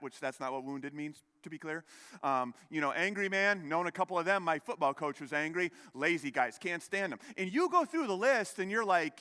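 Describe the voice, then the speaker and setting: A man's voice: high-pitched, expressive, moderate pace, bright, forceful tone. A man in his thirties preaching a sermon as pastor, telling a rambling personal story with many restarts and self-deprecating asides. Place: church sanctuary. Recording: long hall reverb.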